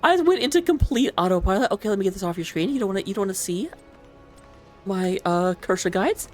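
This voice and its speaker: A woman's voice: mid-range voice, expressive, quick pace, soft background music. A woman casting a recorded esports match on her own, chatty and self-deprecating, with frequent asides and apologies while she recovers from surgery. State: recovering from surgery, sitting low in her seat. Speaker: esports caster. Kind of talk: solo game commentary mixed with personal chat.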